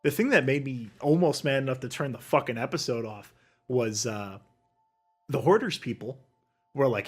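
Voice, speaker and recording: A man's voice: medium pitch, lively intonation, moderate pace, slightly rough, soft background music. A young man hosting a solo podcast livestream, ranting in a heated, profane way and mocking people with sarcastic quoted voices. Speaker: podcast host.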